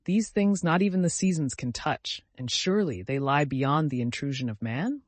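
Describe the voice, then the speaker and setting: A man narrating a classic novel as an audiobook, reading in an expressive storytelling manner. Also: on the high side, moderate pace, no echo. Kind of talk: scripted narration.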